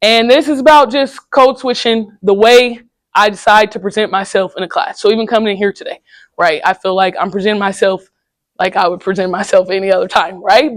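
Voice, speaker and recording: Casual young woman telling it straight to a high school class, mid pitch, dead dry room. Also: dry recording. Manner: casual, candid storytelling with slang. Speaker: guest speaker at a high school. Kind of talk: candid personal talk to students.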